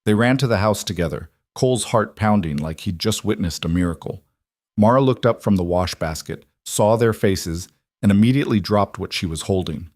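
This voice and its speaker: A man narrating a western story in a calm, measured way. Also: low voice, dry recording, studio quality.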